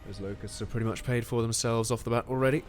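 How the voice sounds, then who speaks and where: Brief: male caster, mid-pitched, lively play-by-play of a strategy game with quick exclamations, faint music underneath. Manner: excitable, animated play-by-play with frequent exclamations. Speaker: game commentator. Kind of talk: live strategy game commentary.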